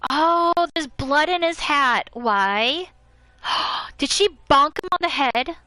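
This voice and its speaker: Bright, chatty American woman streamer. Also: high voice, animated, slow pace, no echo, low-quality recording. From United States. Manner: chatty, laughs often, reads items aloud. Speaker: gaming streamer. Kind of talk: casual let's-play chat.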